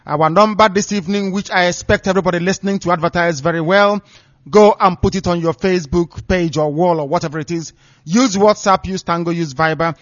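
A man's voice: high-pitched, a little fast, no room sound. A man broadcasting live on radio, talking in an emphatic, preaching declamation. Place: radio studio. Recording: dull, lo-fi dry studio sound.

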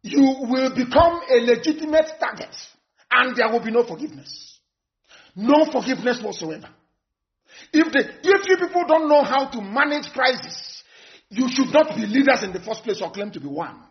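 Nigerian guy ranting hard at politicians, high voice, keeps repeating himself, muffled lo-fi sound. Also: expressive, normal speed. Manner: fiery, scornful, repeats phrases for emphasis. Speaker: activist addressing followers. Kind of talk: impassioned political broadcast. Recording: dull lo-fi recording.

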